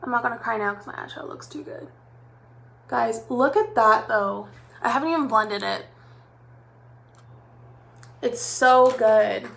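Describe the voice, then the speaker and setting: A woman's voice: on the high side, unhurried, gravelly, pauses often, fairly bright tone. A chatty young woman doing a live makeup tutorial as a makeup artist, talking directly to her viewers in a bubbly way.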